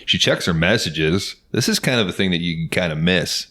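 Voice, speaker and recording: A man with a very low, deep voice talks through a movie plot in relaxed, swear-heavy podcast chat. He keeps a loose, easygoing delivery, slipping into quoted lines as he goes. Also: fairly quick. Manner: laid-back, profane, acts out quotes with laughs. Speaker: podcast host. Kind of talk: casual movie recap chat.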